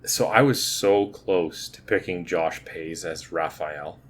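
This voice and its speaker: A man's voice: sits low, slow, slight background noise. A man in his thirties co-hosting a podcast, chatting casually and restarting his words as he thinks. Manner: talkative, repeats words while thinking. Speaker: podcast co-host. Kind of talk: casual movie review chat.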